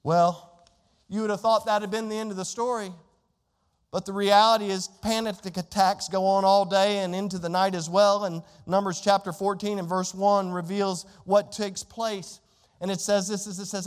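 A man's voice: high-pitched, fairly even intonation, normal speed, clean tone. A man preaching a sermon as pastor, emphatic, reading scripture aloud in a church. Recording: long hall reverb.

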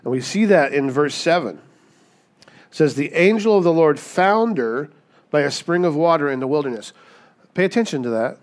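Guy preaching a sermon, chatty and animated, does little voices for the people he quotes, keeps saying right?. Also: on the high side. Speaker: pastor.

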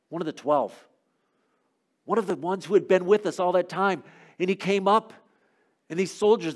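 Man telling a story, loud then hushed. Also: a little high. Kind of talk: first-person dramatic sermon monologue.

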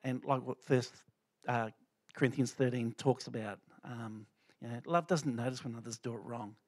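A middle-aged man shares a testimony at church. His delivery is loose and conversational, full of fillers and restarts, pitched in an ordinary male range. The recording is dry, with no room echo. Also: moderate pace. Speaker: lay speaker sharing a testimony.

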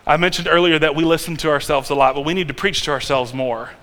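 A male pastor preaching a sermon in a conversational, animated way, with restarts and sudden loud peaks. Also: on the high side, fast talker. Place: church sanctuary. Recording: long hall reverb.

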